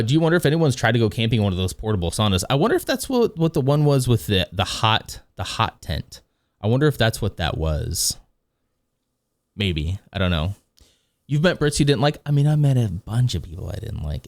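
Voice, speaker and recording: With a lowish, gravelly voice and no room sound, a man chats casually on a live stream while reacting to videos and reading chat aloud. He rambles and often corrects himself.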